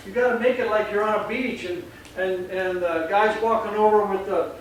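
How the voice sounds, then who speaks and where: High-voiced man explaining in an echoey room. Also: moderate pace. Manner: animated, acts out voices mid-sentence. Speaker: dog trainer. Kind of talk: casual explaining. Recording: echoey room, distant mic, faint noise.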